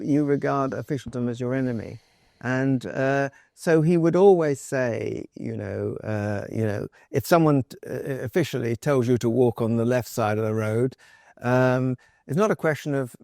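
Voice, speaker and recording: A man's voice: medium pitch, creaky, darkish tone, no room sound, clean studio sound. A man as an interview guest, answering in a thoughtful, wry way and telling stories about his family.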